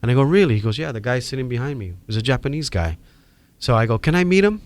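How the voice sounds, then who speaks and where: A middle-aged man, a podcast guest telling a story in casual, animated chat and acting out the people in it. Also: mid-range voice, fast, no room sound. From Hawaii. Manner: animated, acts out quoted voices.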